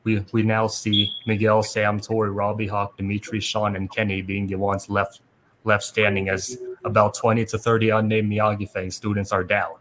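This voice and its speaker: A man hosting a podcast, reading a plot recap aloud in a steady way with small restarts. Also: lowish voice, moderate pace, a little hiss or hum. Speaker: podcast host.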